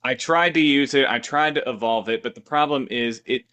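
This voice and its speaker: A man's voice: medium pitch, brisk, pushed and bright, clear, resonant tone. A man co-hosting a podcast, telling silly improvised stories in a playful, rambling way. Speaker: podcast co-host. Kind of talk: casual improv chat.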